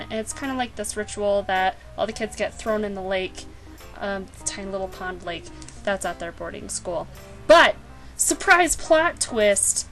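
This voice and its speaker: A woman's voice: on the high side, fairly bright tone, low-quality recording. A woman vlogger giving a casual, sarcastic book summary with playful asides, now and then acting out the characters.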